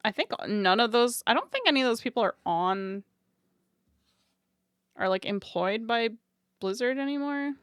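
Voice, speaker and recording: A woman's voice: a little high, lively intonation, normal speed, long pauses, fairly bright tone, clear, resonant tone, no room sound, clean studio sound. A woman streamer chatting casually with her viewers, swearing freely and laughing often.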